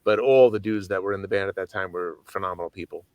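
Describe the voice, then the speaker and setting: A man, a guest musician, telling stories in a casual chat in an animated way, swearing freely. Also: low voice, quick pace, dry recording.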